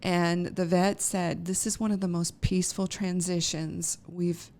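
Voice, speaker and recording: A woman's voice: on the low side, flat delivery, a little slow, darkish tone. A middle-aged woman hosting a podcast, telling a personal story casually and emotionally, with frequent laughs and many fillers and restarts. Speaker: podcast host.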